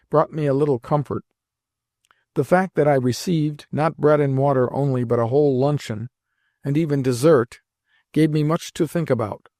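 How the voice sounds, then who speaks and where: A man narrating a classic novel as an audiobook in a measured, unhurried reading. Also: mid-range voice, warm tone, dry recording, clean studio sound.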